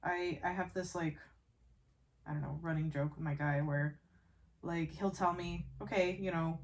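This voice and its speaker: A woman's voice: deep voice, steady tone, unhurried, slight background noise. A woman chatting casually while she sews, rambling with fillers and small laughs. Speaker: sewing vlogger. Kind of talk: casual chat while sewing.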